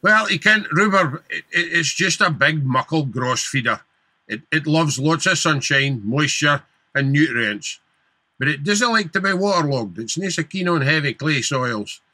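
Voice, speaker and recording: A man's voice: fairly high pitch, animated, normal speed, pushed and bright, dry recording. A Scottish man giving practical gardening advice on a radio show, down-to-earth. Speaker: gardening expert.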